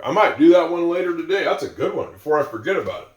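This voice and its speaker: A man teaching English to learners, going slowly and repeating example sentences, with musing asides. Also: a little high, very animated, echoey room.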